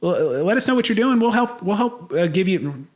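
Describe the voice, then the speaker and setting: A man's voice: sits high, sing-song, moderate pace. Blunt, profane American man co-hosting. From United States. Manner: blunt, profane, gets fired up. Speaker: podcast co-host. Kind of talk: casual chat.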